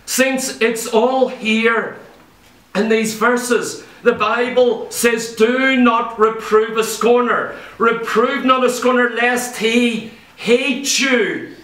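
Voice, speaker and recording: High, bright-voiced preacher in an echoey hall. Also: male voice, steady tone, slow pace. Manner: emphatic, fires rhetorical questions, acts out quoted voices. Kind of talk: sermon. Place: church hall. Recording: echoey church hall, voice from far off.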